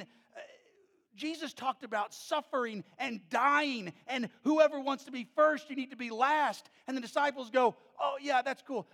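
A middle-aged man, preaching a sermon as pastor and telling stories in an animated way that builds to emphatic peaks. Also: very high-pitched, vocal fry. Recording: long reverb of a large hall.

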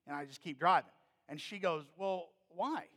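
A middle-aged man, preaching a sermon as pastor and telling stories in an animated way that builds to emphatic peaks. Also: a little high, brisk. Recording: long reverb of a large hall.

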